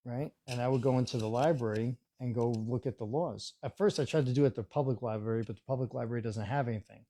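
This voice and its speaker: A man's voice: mid-range voice, dark tone. A man in his forties chatting casually on a live stream, telling a story and acting out the voices he quotes.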